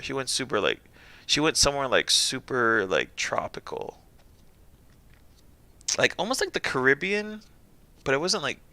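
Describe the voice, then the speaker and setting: Bright, gravelly young man chatting. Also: mid-range voice, no echo. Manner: rambling, self-interrupting storyteller who laughs often. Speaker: streamer and pharmacist. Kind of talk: casual chat while livestreaming a game.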